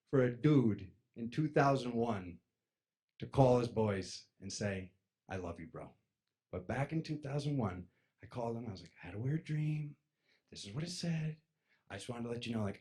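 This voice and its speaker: Man telling a story with lively swings. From East Coast of the United States. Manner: lively, acts out friends' voices, jumps loud and high then drops to a mutter. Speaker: speaker telling a personal story. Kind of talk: animated storytelling to an audience.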